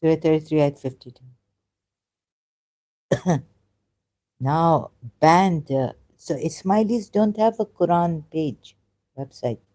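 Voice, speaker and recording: Reading from scripture in a relaxed commentary, this woman speaks in a low, mellow voice. A former Muslim, she halts often, uses fillers, and seems to be working through her emotions out loud.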